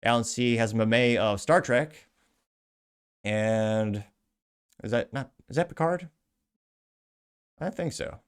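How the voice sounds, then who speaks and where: A man's voice: medium pitch, slow, pauses often, clean tone. A man hosting a podcast, reading out social media posts with sarcastic, rambling asides. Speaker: podcast host.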